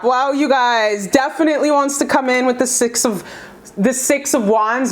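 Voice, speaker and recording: A woman's voice: sits high, animated, moderate pace. A young woman reading tarot cards for her viewers in a casual, gushing, slangy way, swearing freely and calling them "you guys.". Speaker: tarot reader.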